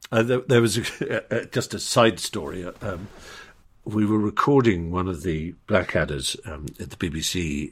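A man's voice: fairly low pitch, husky. An older man with an English accent, talking in an articulate, anecdotal way as an interview guest, often restarting his phrases. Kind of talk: conversational storytelling.

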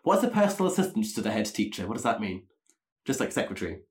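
A man's voice: on the low side, big pitch swings, quick pace. A man in his late twenties co-hosting a podcast, chatting in a cheeky, teasing way with frequent giggles. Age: late 20s. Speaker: podcast co-host. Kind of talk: casual comedic chat.

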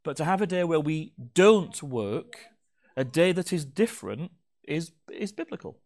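A man delivering a sermon from the front of a church, his voice sitting a touch higher than most men's. He talks with a playful, teasing manner, joking with the congregation between points of teaching. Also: very animated, a little slow, a little mellow. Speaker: pastor. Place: church hall.

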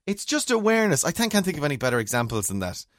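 Animated man telling rambling stories. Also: a little high, racing, no echo, studio quality. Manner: rambling, animated storytelling with frequent restarts. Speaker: podcast co-host. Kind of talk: casual chat.

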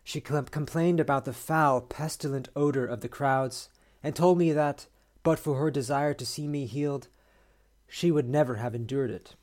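A man hosting a podcast, reading a short story aloud in a measured, steady way. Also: medium pitch. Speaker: podcast host.

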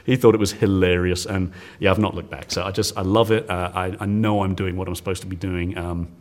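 A man in his forties from the United Kingdom, a science teacher telling stories as a guest in an interview, animated and laughing often. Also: low-pitched, brisk. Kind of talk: storytelling in an interview.

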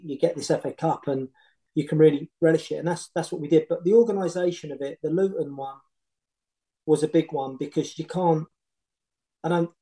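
A middle-aged man with a mellow, warm voice sitting a little high for a man. He tells his stories in a loose, animated way, full of restarts and asides. His tone is that of a relaxed podcast guest. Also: poor audio. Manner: animated, rambling anecdotes with many restarts. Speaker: former football manager, podcast guest. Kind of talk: casual storytelling.

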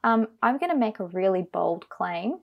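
Gravelly opinionated Australian woman. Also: mid-range voice, expressive, normal speed, dull audio. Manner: blunt, opinionated and emphatic. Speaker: podcast co-host. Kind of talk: casual film discussion.

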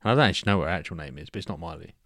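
A man's voice: sits low, expressive, very fast, fairly bright tone, dry recording, clean studio sound. A man co-hosting a podcast, joking around and breaking into laughter. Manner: jokey, bursts into song and laughter. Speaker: podcast co-host. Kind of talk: casual podcast chat.

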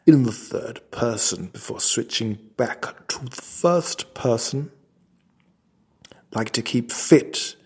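A man telling a comic mock-heroic tale in a pompous, deadpan, mock-formal way. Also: fairly low pitch, vocal fry, breathy edge. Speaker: comic storyteller.

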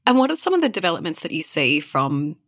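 A woman's voice: deep voice, big pitch swings, quick pace, a bit bright, no room sound, studio quality. A woman interviewing a guest in a curious, chatty way. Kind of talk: conversational interview.

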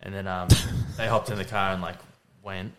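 A man's voice: deep voice, little pitch movement, moderate pace, a bit bright. A young man, casually rambling through a story as podcast co-host, laughing often. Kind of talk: casual chat.

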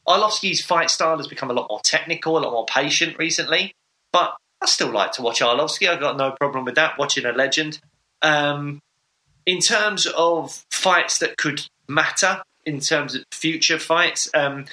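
Casting: male podcast co-host, very bright tone, eager rambling fan chat. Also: fairly high pitch, normal speed, poor audio. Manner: enthusiastic, rambling with fillers. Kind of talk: casual sports chat.

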